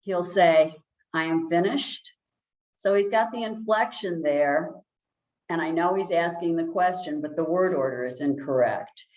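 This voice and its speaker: A woman speech language pathologist giving a calm, explanatory presentation, with many ums and restarts. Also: lowish voice, moderate pace, roomy sound, rough recording. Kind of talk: informal presentation.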